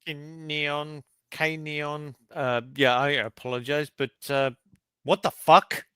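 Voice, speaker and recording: A man with a high voice in a casual online chat, tripping over restarts before pressing his point hard. His voice is close and dry, with no room around it. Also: level tone, slow, fairly bright tone, smooth, dry recording. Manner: hesitant, stammering restarts, then emphatic. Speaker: guest co-host.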